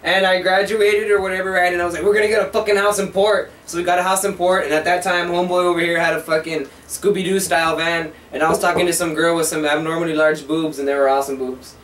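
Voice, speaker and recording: Fast-talking young man, echoey room. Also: sits high. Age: 20s. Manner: rambling, profane, animated retelling. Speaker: co-host. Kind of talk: casual storytelling chat. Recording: echoey room from far off, faint hiss.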